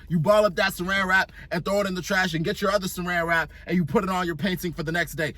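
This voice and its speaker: A man's voice: high-pitched, fairly even intonation, fast talker, hardly any pauses, bright, forceful tone, no echo. A young man giving a casual motivational monologue, blunt and profane, talking in slang and working through a long analogy. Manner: explains with an extended analogy. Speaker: self-improvement vlogger.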